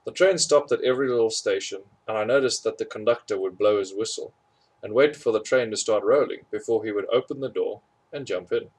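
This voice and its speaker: Fairly low-pitched and a little mellow with a breathy edge, this man reads a storybook chapter fairly quickly, audibly amused. He chuckles at the funny parts and corrects his slips along the way. The audio is poor.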